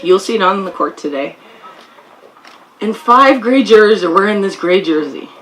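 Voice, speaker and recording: A woman's voice: medium pitch, lively intonation, moderate pace, a bit bright, a little hiss or hum, rough recording. A woman from Canada giving a heartfelt, storytelling speech at an outdoor field ceremony. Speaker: guest speaker.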